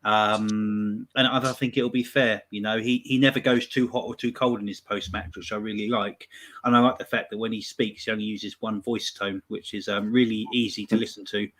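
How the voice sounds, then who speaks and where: A man with an English accent, a guest fan talking in a measured, agreeable way. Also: lowish voice, fairly even intonation, a bit bright. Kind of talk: casual football fan chat.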